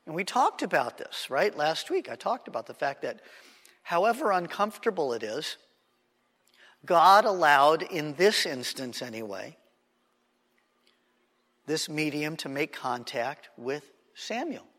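A man's voice: fairly high pitch, very animated, measured pace, pauses often, fairly bright tone. A man teaching a Bible class conversationally, often checking in with his listeners. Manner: checks in with the class, frequent "right?". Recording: long reverb of a hall.

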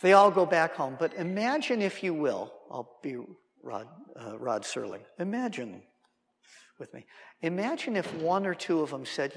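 A man's voice: on the high side, sing-song, normal speed. A male preacher teaching verse by verse through a Bible passage, acting out the dialogue and adding humorous asides. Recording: long reverb in a hall.

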